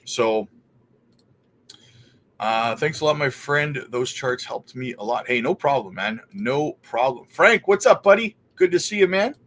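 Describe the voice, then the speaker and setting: This Canadian man has a medium-pitched, unhurried voice, recorded with a little hiss or hum. He casually hosts a crypto livestream, reading viewer questions and thinking aloud in a relaxed way as he searches.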